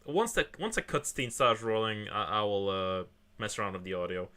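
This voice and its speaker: A man's voice: fairly low pitch, normal speed, sharp tone, clear, resonant tone. A male game streamer chatting casually at home, rambling with lots of fillers and restarts. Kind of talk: casual chat while gaming.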